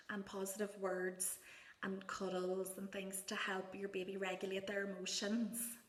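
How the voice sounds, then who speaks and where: A woman speech therapist gives parents gentle, encouraging advice and models words in a soft sing-song voice. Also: medium pitch, little pitch movement, a little slow. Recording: echoey room.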